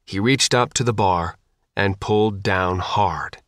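A man reading an audiobook in a measured, even style. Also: lowish voice, no room sound, clean studio sound. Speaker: audiobook narrator. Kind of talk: scripted audiobook narration.

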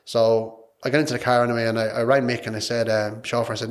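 A man's voice: mid-range voice, level tone, quick pace. An Irish man, a podcast guest, telling a personal story in a frank, emotional, rambling way, repeating his words. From Ireland.

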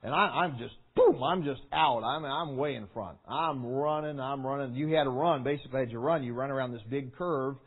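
A man preaching a sermon to young people, telling a story with lively acting, shouts and sound effects. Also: mid-range voice, fairly quick, few pauses, slightly rough. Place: large meeting hall. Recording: tinny phone-like sound.

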